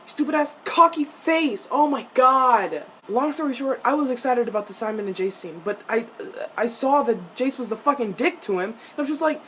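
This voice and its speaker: A young woman reacting to a TV episode in a casual vlog, animated and profane, with frequent laughs. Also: fairly high pitch, moderate pace, a little hiss or hum. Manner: laughs often between lines.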